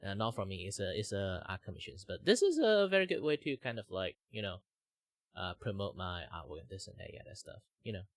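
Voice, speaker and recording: A man from Malaysia chats casually on his stream. His voice sits low but swings widely in pitch as he rambles, and the sound is dry and close. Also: sing-song, brisk, no room sound. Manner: rambling, with many fillers and laughs. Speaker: streamer host.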